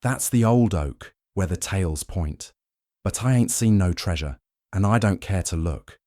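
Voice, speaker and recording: Brief: gruff, guarded Yorkshire estate groundskeeper, played by a man, thick Yorkshire accent, dry close sound. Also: low-pitched, lively intonation, a little slow, warm tone, no room sound. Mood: wary. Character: wiry weathered male Yorkshire groundskeeper, wary.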